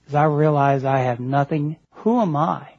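A middle-aged male pastor with a high voice preaches in an animated, self-mocking way and calls on the congregation to answer back. The recording sounds dull and lo-fi. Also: moderate pace, a little hiss or hum. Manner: animated, self-deprecating preaching with call-and-response. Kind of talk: sermon.

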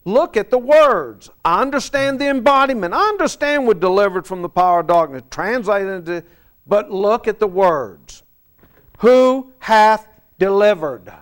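A man preaching a sermon, asking the congregation rhetorical questions and dropping from emphatic lines to soft asides. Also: sits high, expressive, moderate pace. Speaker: pastor.

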